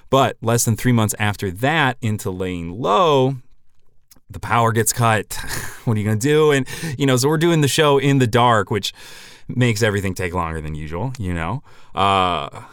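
A man hosting a comedy podcast, delivering a scripted monologue deadpan with sudden loud, mock-indignant bursts. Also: mid-range voice, clean tone, no room sound, clean studio sound.

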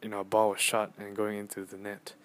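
A young man hosting a casual solo podcast on his phone, rambling and excitable as he tells a story with lots of fillers and restarts. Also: lowish voice, fast talker. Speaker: podcast host.

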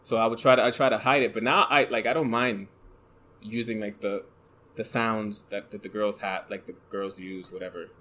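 A soft-voiced man with a slightly low pitch talks casually as a podcast guest. He hesitates often, restarting sentences and leaning on filler words as he works out his thoughts. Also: steady tone, normal speed. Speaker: guest, photographer and content creator. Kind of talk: casual conversation.

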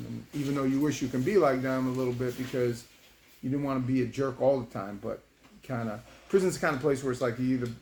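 A man's voice: mid-range voice, gravelly, darkish tone. A man in his fifties, a former prisoner, telling a personal story in a casual, emotional way, with many halts and restarts. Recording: roomy room with faint background noise.

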